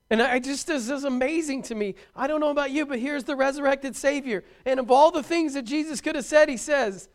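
A man preaching a sermon, animated and emphatic, with touches of humor and repeated words for stress. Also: very high-pitched.

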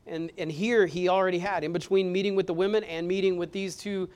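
A male pastor delivering a sermon, moving between hushed passages and loud, emphatic ones. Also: sits high, fairly even intonation, a little fast, clean tone. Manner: dynamic preaching, swings from hushed to loud and emphatic. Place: church.

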